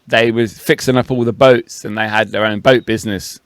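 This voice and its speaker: A man's voice: fairly low pitch, steady tone, moderate pace, no room sound, clean studio sound. A man co-hosting a casual podcast chat, blunt and emphatic and swearing. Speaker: podcast co-host.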